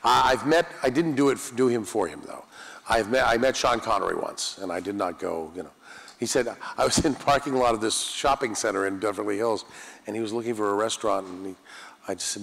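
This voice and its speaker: A man's voice: lowish voice, lively intonation, quick pace, creaky, fairly bright tone. An older man, a voice actor guest at a convention panel, telling self-deprecating anecdotes in a chatty way. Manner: self-deprecating, chatty, restarts mid-sentence. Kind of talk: anecdotal Q&A storytelling. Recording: long hall reverb.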